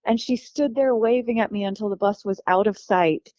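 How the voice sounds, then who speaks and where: A woman's voice: mid-range voice, moderate pace, no room sound. Woman telling her story, dry dull sound. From California. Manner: warm storytelling, acts out quoted voices. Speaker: guest.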